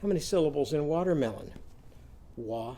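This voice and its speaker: A man's voice: on the high side, a little slow, mellow. A man teaching a children's literacy lesson, singing simple chants and leading the class in call-and-response.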